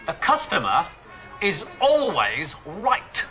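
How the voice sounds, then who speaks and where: An English man with a fairly high voice that swings up and down a lot. He stays polite while stammering and growing indignant. Music plays softly behind him. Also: wildly swooping pitch, takes it slowly. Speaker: comedian. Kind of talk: mockumentary comedy scene.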